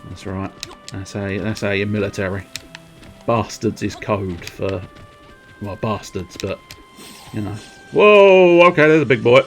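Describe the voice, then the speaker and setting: A man's voice: fairly low pitch, unhurried, soft background music. A man casually commenting on his gameplay on a livestream, rambling and playful, humming tunelessly and swearing now and then.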